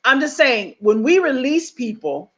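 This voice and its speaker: A middle-aged woman speaking as a guest on leadership, emphatic and animated, acting out bits of dialogue as she teaches. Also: high-pitched, unhurried, lo-fi sound. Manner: emphatic, acts out quoted dialogue.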